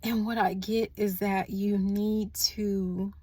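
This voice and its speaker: Slow, soft-spoken woman channeling spiritual messages. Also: mid-range voice, level tone, no echo. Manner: slow, soft-spoken and earnest, trailing into hushed tones. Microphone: phone.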